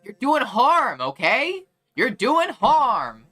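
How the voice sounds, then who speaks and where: A woman's voice: sing-song, bright, forceful tone, faint music behind, exaggerated voice. A woman putting on a mocking voice for a whiny, self-pitying online concern troll. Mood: whiny indignant. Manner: shrill, drawn-out, self-pitying mockery.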